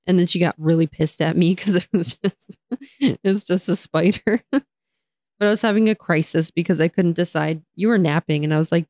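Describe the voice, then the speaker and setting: Young woman co-host, low-ish voice, dry sound, casual, lots of laughs and rants. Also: normal speed, dry recording. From United States. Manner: animated, laughs often, rants. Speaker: podcast co-host. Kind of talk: casual chat.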